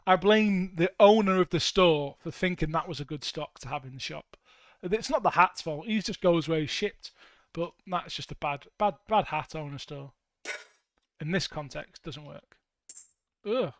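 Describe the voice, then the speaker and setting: High-voiced, playful man. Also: moderate pace, dry recording, studio quality. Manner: playful, rambling, jokey asides to chat. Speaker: band member streaming music production. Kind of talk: casual livestream chat while producing.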